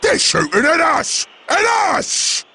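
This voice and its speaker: Rowdy orc grunt from a game, gravelly and raspy, high and swinging all over the place. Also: male voice, huge pitch swings, slow pace, heavily acted. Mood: alarmed. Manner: boastful battle shouting in game clips. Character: rowdy gravelly male orc warrior, brash and boastful. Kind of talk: video game voice clips.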